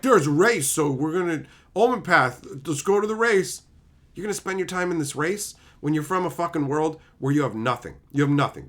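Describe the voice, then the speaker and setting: Exasperated, animated, profane male streamer. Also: a little high. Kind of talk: ranting live stream chat.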